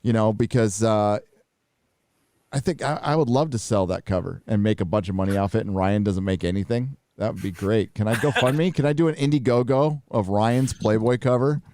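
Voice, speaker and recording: A man's voice: lowish voice, normal speed, darkish tone. A man hosting a casual panel chat, reading viewer messages in a joking, sarcastic way. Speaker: host reading superchats.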